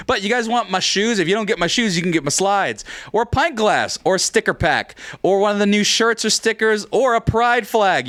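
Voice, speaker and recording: A man runs his anniversary stream, reading out sponsor prizes in a rambling, joking way. His voice sits fairly high and swings up and down a lot, and he swears casually as he goes. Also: fairly bright tone. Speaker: podcast host. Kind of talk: livestream prize giveaway announcements.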